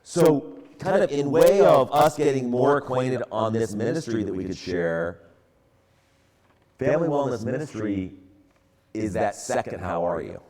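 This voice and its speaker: A man in his sixties from the San Francisco area gives a relaxed, storytelling church talk, full of casual fillers. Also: medium pitch, unhurried, pauses often. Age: 60s. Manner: relaxed, conversational, many fillers. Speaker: church ministry speaker.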